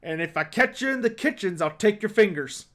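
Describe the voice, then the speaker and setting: A man voicing a large, greasy, scarred innkeeper with one eye, who talks curtly and gruffly in rough grammar. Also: high voice, lively intonation, brisk, a bit bright, voice pushed up.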